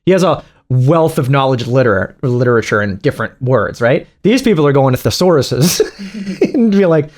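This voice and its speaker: A man's voice: medium pitch, animated, normal speed, darkish tone. A man giving casual reaction commentary as a streamer, profane and mocking, laughing often.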